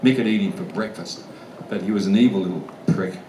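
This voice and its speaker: A low-voiced, fairly quick-talking man from the Australian outback answers fan convention Q&A questions as a guest actor, telling casual stories bluntly, swearing freely and laughing often. He's picked up from a distance in a large, echoey convention hall with faint room noise.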